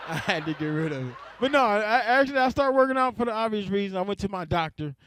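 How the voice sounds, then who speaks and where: A man's voice: high-pitched, fairly bright tone, slight background noise. A young adult man doing a stand-up comedy set, laid-back, chuckling between jokes and drawing out his punchlines.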